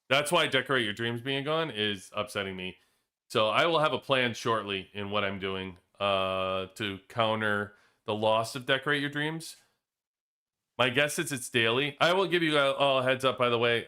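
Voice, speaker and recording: Bright, clear-voiced man gaming. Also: lowish voice. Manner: laid-back, muttering to himself while playing. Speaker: co-host of a game stream. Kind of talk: casual gaming chat.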